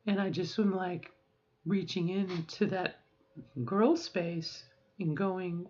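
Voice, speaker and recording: A middle-aged woman recording a personal video diary at home. She speaks in a reflective, halting way with many fillers and restarts, and her voice sounds strained and sore. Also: on the low side, steady tone, a little mellow, highs cut off. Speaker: vlogger.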